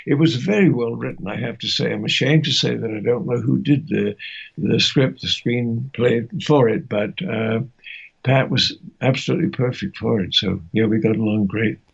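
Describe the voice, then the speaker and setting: Older man with a gravelly, husky voice. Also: medium pitch, muffled recording. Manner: gentle, halting, many restarts. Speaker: guest, voice actor. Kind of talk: interview reminiscence.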